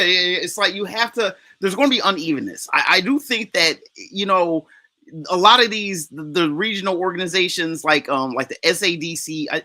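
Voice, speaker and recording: High, sharp-voiced man rambling casually. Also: dry recording. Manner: rambling, loses his train of thought, casual slang. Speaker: livestream panelist. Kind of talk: casual podcast discussion.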